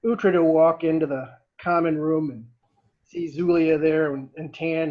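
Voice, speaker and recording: A man's voice: on the high side, measured pace, highs cut off. A man playing a tabletop game, describing his character's actions in a jovial, teasing way. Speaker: player.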